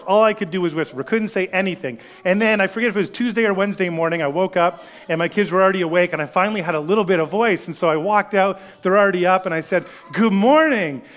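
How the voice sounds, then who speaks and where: Male pastor, 30s, slightly high voice; conversational sermon, anecdote into scripture. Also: fast, hardly any pauses. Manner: storytelling, conversational, drops to a hush for solemn lines.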